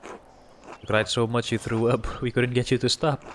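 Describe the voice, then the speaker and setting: A man's voice: medium pitch, level tone, a little slow, fairly bright tone, a little hiss or hum, natural voice. Man reading as a caring young daughter. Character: young woman caring for her father.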